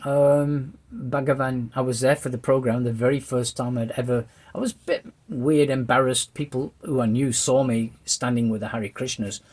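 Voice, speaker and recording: Middle-aged english guy, husky voice, rambly animated storytelling, does little voices for people. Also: mid-range voice, moderate pace, few pauses. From England. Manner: lively, rambling storyteller who acts out the voices in his story. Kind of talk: personal testimony storytelling.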